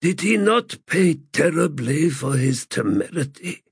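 A man voicing a broken, chained god who speaks in a frail, halting voice. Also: on the high side, lively intonation, no echo, voice pushed up, heavily acted. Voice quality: frail, breathy. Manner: slow, pleading, halting.

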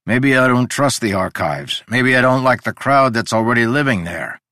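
A man voicing a drunk, gruff, boastful man in an audiobook, loud and blustering with a slurring delivery. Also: mid-range voice, lively intonation, normal speed, no room sound, clean studio sound, voice pushed up. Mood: weary curious. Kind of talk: audiobook character reading.

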